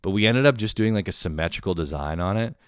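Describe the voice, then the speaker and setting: A man's voice: low-pitched, quick pace, smooth, dry recording, studio quality. A young man from Canada hosting a podcast, telling stories in a rambling, profane, casual monologue and laughing often. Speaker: podcast host.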